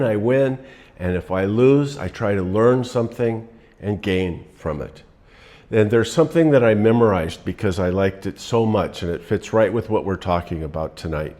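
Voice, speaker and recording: A man giving a relaxed, rambling motivational talk, telling stories to make his points. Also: fairly low pitch. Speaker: motivational speaker.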